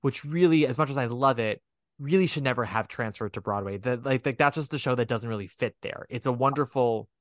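A man chatting casually as a podcast host, rambling and animated, with a self-deprecating, frank manner. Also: medium pitch, brisk, dry recording, studio quality. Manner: swears casually. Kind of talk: casual chat.

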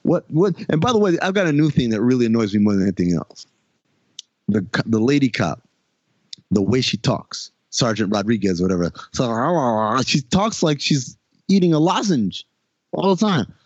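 A man's voice: medium pitch, moderate pace, dry recording, lo-fi sound. A man co-hosting a podcast, ranting in casual chat about a TV show with exasperated, mocking asides. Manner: animated, exasperated ranting with mock quotes. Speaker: podcast co-host.

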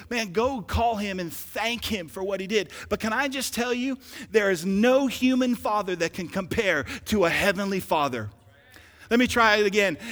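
A pastor in his forties preaching a sermon, swinging from loud urgent calls to quiet intimate asides. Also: a little high. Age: 40s. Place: large church hall. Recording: long hall reverb.

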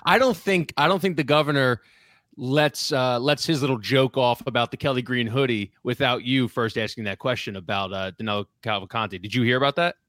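A man's voice: medium pitch, brisk, a bit bright, no echo. A man hosting a radio show in casual chat, joking and crude.

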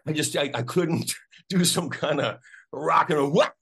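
A man, an actor, telling a story casually in an interview, animated and acting out the voices of people he quotes. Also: a little high, measured pace, creaky, breathy edge. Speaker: actor guest.

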